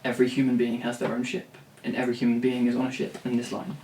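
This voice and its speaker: Monotone and quick, the songwriter talks to camera in a medium-pitched, darkish voice. He's blunt, swears freely and rambles with many restarts. The recording sounds roomy and off-mic, with faint ambience and a little hiss or hum.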